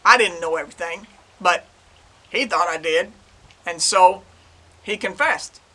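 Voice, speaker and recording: A man's voice: sits high, unhurried, bright, forceful tone, poor audio. An older man, a retired police detective, casually telling a case story in a chatty, rambling way and retelling the dialogue. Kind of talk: casual true-crime storytelling.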